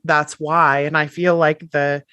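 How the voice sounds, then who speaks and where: A woman's voice: sits low, level tone, measured pace, pushed and bright, clear, resonant tone, dry recording. A woman, a writing coach, talking as a guest on a podcast in an emphatic way, repeating words for stress. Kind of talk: conversational podcast interview.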